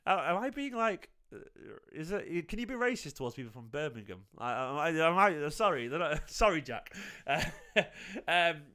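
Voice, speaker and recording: A man's voice: fairly high pitch, lively intonation, moderate pace, bright, forceful tone, smooth. A man hosting a football fan channel, giving an emphatic post-match reaction and repeating phrases for emphasis.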